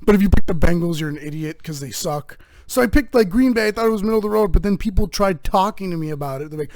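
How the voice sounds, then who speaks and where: A man with a fairly high voice hosts his own show and rambles through a profane comic monologue. His rants get animated, and the sound is dry and close to the mic. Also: fairly quick, no echo. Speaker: host. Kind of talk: casual comedic monologue.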